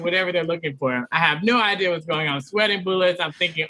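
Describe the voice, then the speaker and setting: A man with a high, bright voice tells a comic story on a podcast. He is animated and throws himself into acting out everyone else's lines. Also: quick pace, few pauses. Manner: animated, acts out other people's lines. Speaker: comedian guest.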